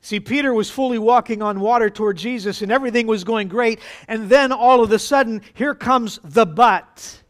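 A pastor preaching a sermon to his congregation, with dramatic pauses and acted-out quotes. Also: high-pitched.

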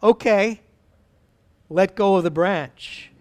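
A man voicing God in a joke story, speaking calmly and patiently from above. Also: sits high, slow pace. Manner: calm, reassuring.

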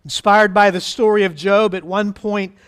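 A man's voice: sits high, fairly even intonation, normal speed, a bit bright, clean tone. A man pastor leading prayer and preaching a sermon in an emphatic, fervent way.

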